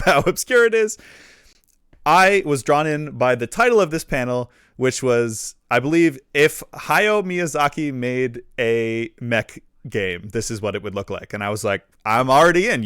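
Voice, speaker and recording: Man, stream host, casual interview, upbeat, laughs often, mid pitch, dry close mic. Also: a bit bright, clear, resonant tone, no echo. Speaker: podcast host.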